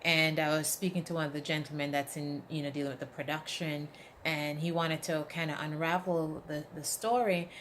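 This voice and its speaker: A woman's voice: sits low, normal speed, slight background noise. A woman giving an inspirational talk, speaking emphatically and telling stories with acted-out quotes. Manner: emphatic, asks the audience "right?"; animated storytelling with acted quotes. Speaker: motivational speaker.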